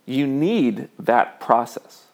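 A man delivering an opinion monologue in a measured, emphatic way, with frequent "you know" fillers. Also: medium pitch, animated, a little mellow.

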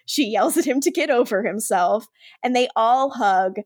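Podcast co-host, woman, high pitch, dry close sound, animated casual recapper. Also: moderate pace, no echo. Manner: animated, quotes characters in lively voices. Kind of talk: casual chat recapping a TV episode.

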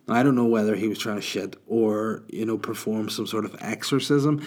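A man in his thirties hosting his own podcast with a somewhat low voice. He talks in a casual, rambling way, full of crude jokes and self-mockery. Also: steady tone, brisk, hardly any pauses, a little mellow. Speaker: podcast host and comedian. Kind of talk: casual comedic podcast chat.

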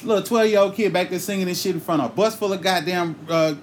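A man hosting a podcast, telling a comic story in a loose, profane, animated way and breaking into sung bits now and then. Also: high voice, quick pace, slight background noise. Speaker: podcast host.

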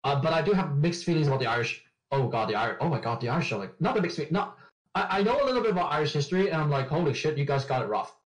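A man being interviewed on a podcast, talking fast and rambling, quick to poke fun at himself. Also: on the high side, expressive, rough recording. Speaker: podcast guest. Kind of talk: casual interview chat.

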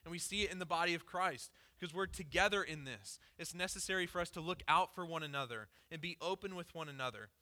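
Bright-voiced man preaching casually. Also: fairly high pitch, fast, few pauses. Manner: casual and candid, peppered with "like". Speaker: pastor. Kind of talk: conversational sermon with a personal story.

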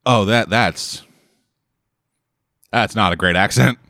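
A man chatting casually while watching a movie, swearing freely and reacting with quick asides. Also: fairly low pitch, pushed and bright, no echo, clean studio sound.

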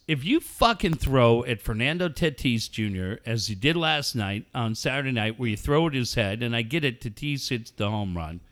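A man's voice: mid-range voice, pushed and bright. A man hosting sports talk radio, ranting angrily and swearing as he mocks a team. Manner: angry, swearing, mocking.

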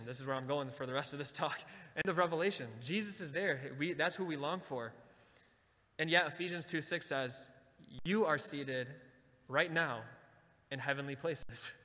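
Bright-voiced man preaching in a hall. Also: on the high side. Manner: leads audience in repeating lines; slows and drops to a soft, quiet voice for emphasis. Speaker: Catholic speaker. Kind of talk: sermon talk with call-and-response.

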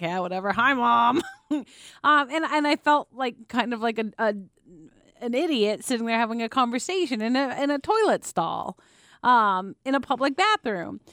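A woman's voice: a little high, clear, resonant tone, no room sound, clean studio sound. A young adult woman co-hosting a casual chat, telling a story with lots of laughter and acted-out quotes. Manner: animated storyteller, laughs often, acts out quotes. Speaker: podcast co-host.

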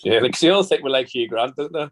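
A man's voice: mid-range voice, expressive, quick pace, fairly bright tone. A man hosting a casual football podcast, jokey and chatty. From England. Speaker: podcast host.

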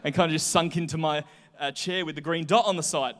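A young man preaching a sermon, chatty and animated as he tells personal stories. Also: fairly high pitch, fast talker. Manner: chatty, animated storytelling with voiced asides. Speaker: pastor. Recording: hall reverb.

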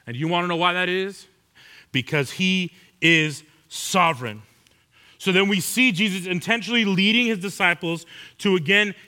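A male preacher with a high, bright and forceful voice delivers a sermon. He speaks in a conversational way and keeps asking rhetorical questions. He draws listeners in as he preaches.

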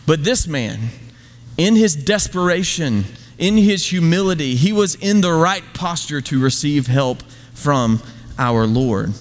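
A man's voice: a little high, unhurried, big-room sound. A man preaching a sermon as pastor, emphatic and conversational, full of rhetorical questions.

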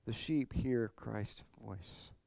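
A man's voice: fairly low pitch, drawn-out words, warm tone, no echo. A man pastor preaching an expository sermon, earnest, building to emphatic points. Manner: earnest preaching, rising emphasis, occasional throat clearing.

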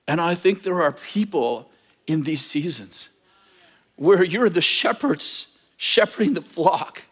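A man's voice: a little high, slow, breathy edge. A middle-aged man preaching a sermon, telling a personal story with self-mocking humor and restarting his sentences. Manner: animated storyteller, self-mocking, repeats words when starting. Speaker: pastor.

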